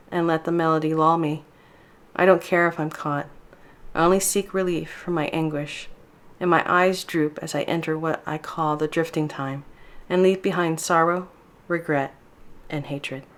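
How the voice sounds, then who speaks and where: A woman with a low voice narrating her own novel. She reads at a steady, measured pace, clear and even. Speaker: author reading her novel. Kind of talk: audiobook narration.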